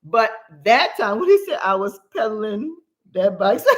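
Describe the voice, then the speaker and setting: A woman co-hosting a talk show, telling family stories in an animated way and laughing often. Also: mid-range voice. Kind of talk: casual storytelling.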